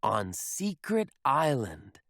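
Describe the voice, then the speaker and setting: A man's voice: mid-range voice, huge pitch swings, takes it slowly, a bit bright, no room sound, studio quality, heavily acted. A man voicing a cool, laid-back male cat who captains a ship in a storybook, speaking in an easygoing, upbeat way. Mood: cheerful.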